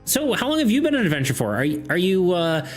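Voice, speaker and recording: A man voicing a tiny, hyper excitable female pixie who rambles and asks fast, fluttery questions. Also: high-pitched, faint music behind, pitched above the performer's own voice. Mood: excited rapid.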